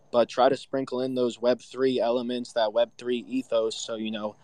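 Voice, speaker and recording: A man speaking in a relaxed, matter-of-fact way in a casual online audio chat. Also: medium pitch, no echo.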